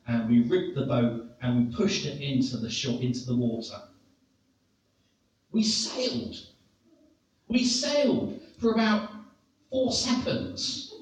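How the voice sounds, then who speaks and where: A middle-aged man from England preaching in a very echoey church hall. He tells his story slowly, with self-mocking humor. He stands well back from a dull-sounding microphone. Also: on the high side, recorded from a distance, slight background noise. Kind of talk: sermon.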